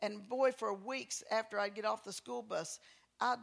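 A man preaching a sermon, telling folksy stories in an animated, preacherly manner. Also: sits high, normal speed, gravelly. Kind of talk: sermon with storytelling.

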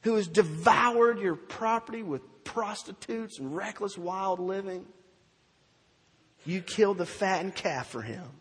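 A preacher acting out a bitter, resentful older brother, loud and exasperated, with a husky voice in a reverberant hall. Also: male voice, high voice, unhurried, full character voice. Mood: indignant. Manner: loud, indignant, exasperated outbursts.

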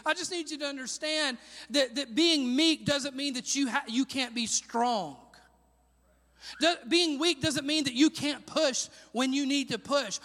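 In a space with a big-room sound, a male pastor delivers an animated sermon in a very high voice. He shouts on the key lines and has the congregation repeat words back to him.

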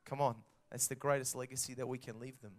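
A man in his thirties with an Australian accent, preaching a sermon and telling stories with lively acted-out quotes. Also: medium pitch, fast. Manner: animated storytelling with acted-out quotes. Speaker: pastor.

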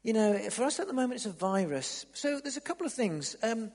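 A man preaching an evening sermon in a church hall, dramatic and swinging from loud to near-whisper. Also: very high-pitched, very animated, a little fast. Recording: long reverb in a large hall.

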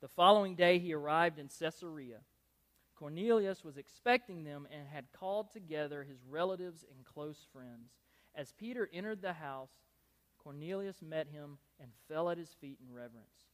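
A young adult man preaching a sermon, animated and conversational, often repeating words and restarting phrases. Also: fairly high pitch, normal speed. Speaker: pastor.

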